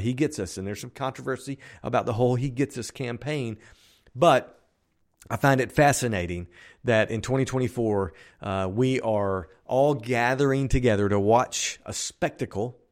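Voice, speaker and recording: A man of ordinary pitch hosts a solo podcast, chatting in a loose, upbeat way. He calls himself an optimist, and he rambles a little, often stopping and starting his sentences. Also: darkish tone. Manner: rambling with frequent restarts and fillers. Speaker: podcast host. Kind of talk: casual solo podcast talk.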